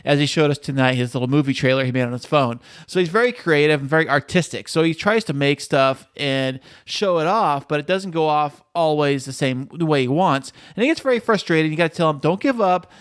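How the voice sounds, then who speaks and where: A man's voice: fairly high pitch, fairly quick, hardly any pauses, smooth, no echo, clean studio sound. A man co-hosting a podcast, playful and jokey, rambling with fillers. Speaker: podcast co-host. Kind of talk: casual chat.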